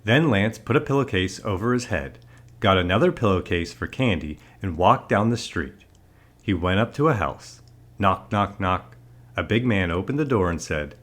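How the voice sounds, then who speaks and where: A man narrating a children's picture book aloud in an expressive storyteller manner. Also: low voice, normal speed.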